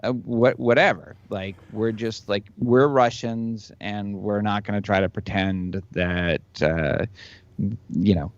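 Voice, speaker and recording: A man in casual podcast chat, talking loosely with halting restarts. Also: lowish voice, fairly even intonation, dry recording. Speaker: podcast co-host or guest. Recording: dry, dull lo-fi sound.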